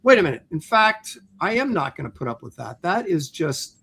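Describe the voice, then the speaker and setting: A man with a slightly higher-pitched voice co-hosts a relaxed livestream. He reads out viewer comments, pausing often with filler sounds, and slips into playful mock outrage. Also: gravelly, very noisy. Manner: halting with many ums, mock-stern banter. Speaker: co-host reading viewer comments. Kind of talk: casual livestream chat.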